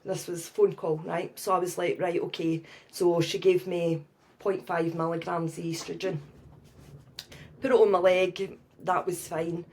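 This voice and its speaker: A woman's voice: fairly low pitch, unhurried, slight background noise. Scottish woman telling a personal story. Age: middle-aged. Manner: lively storyteller who repeats "right?". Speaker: podcast guest.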